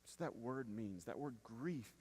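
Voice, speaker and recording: A man preaching a conversational sermon as pastor, dropping to a hush then rising to emphatic points and checking in with the congregation. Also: mid-range voice, expressive, a little slow, a little hiss or hum. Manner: conversational preaching with frequent "right?" asides, swinging from hushed to emphatic. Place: church sanctuary. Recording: long reverb of a church hall.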